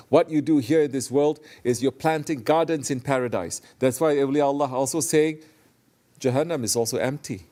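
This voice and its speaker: Low gravelly man giving a Sufi talk. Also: warm tone. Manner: conversational, asks listeners questions, searches for words. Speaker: Sufi teacher. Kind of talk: sermon.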